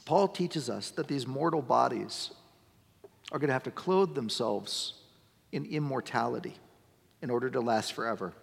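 A middle-aged man preaching a sermon as pastor, talking conversationally and building to emphatic, near-shouted points. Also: medium pitch, animated, moderate pace, creaky, husky. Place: church sanctuary. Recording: long church-hall reverb.

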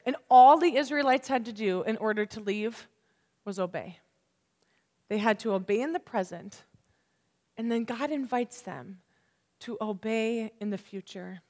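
A woman in her thirties preaching a sermon in an unhurried, emphatic way, often asking the listeners questions. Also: fairly high pitch, darkish tone. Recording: long hall reverb.

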